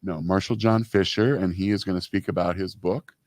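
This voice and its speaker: A man's voice: low voice, fairly even intonation, brisk, a little mellow, dry recording. A man in his fifties co-hosting a casual talk show, telling stories with many "you know" fillers. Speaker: co-host. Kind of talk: casual radio-style chat.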